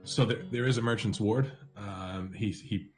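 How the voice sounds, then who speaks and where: Deep-voiced man narrating a tabletop game. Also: over music. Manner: halting, many ums and restarts. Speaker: dungeon master.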